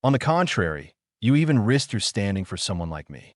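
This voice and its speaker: A man voicing a loyal, gentle young maid, speaking earnestly. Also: fairly low pitch, very animated, a little fast, no echo, clean studio sound.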